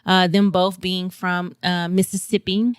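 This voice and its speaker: A woman's voice: on the low side, measured pace, clean tone, no echo, clean studio sound. A woman from St. Louis, Missouri, guest on a podcast, telling a story with lots of laughs and acted-out quotes. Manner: animated, laughs often, acts out quoted voices.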